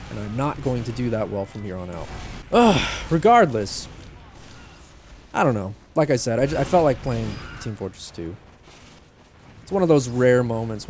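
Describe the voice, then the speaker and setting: A man at a mid pitch, chatting casually while he plays and rambling from thought to thought. He jokes at his own expense as he goes. Loud game gunfire and noise sit under his voice. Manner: rambling, self-deprecating and joking. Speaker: YouTuber. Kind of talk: casual gameplay commentary.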